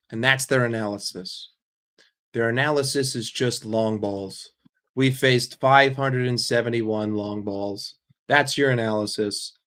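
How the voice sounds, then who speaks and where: A football fan hosts a casual stream, answering his chat in a sarcastic, foul-mouthed rant. His voice sits at an ordinary middle pitch for a man, and he talks with blunt conviction. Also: a little slow, fairly bright tone. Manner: profane, sarcastic, argumentative.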